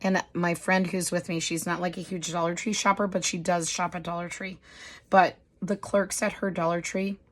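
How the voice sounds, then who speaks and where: Hoarse woman, chatty craft vlogger. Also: on the low side, little pitch movement, moderate pace. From United States. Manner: rambling, apologetic, self-deprecating with light laughs. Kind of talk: casual chatty show-and-tell.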